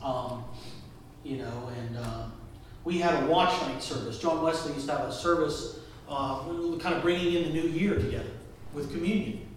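Speaking at normal speed in a voice on the high side, a pastor tells a personal story during his sermon and asks the congregation questions in a conversational way. The distant recording in a very echoey hall carries a little hiss or hum.

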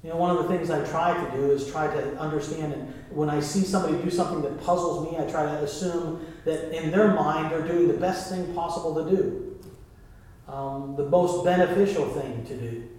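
A man's voice: on the high side, moderate pace, a little mellow. A man preaching a sermon as pastor, talking to the congregation in a conversational way and calling on them to respond. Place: church sanctuary. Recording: very echoey hall, mic far off.

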